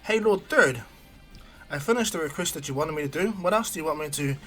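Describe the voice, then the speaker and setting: A man's voice: fairly high pitch, rapid-fire, a bit bright, soft background music, close to an everyday voice. A man doing a brash, teasing young ninja girl.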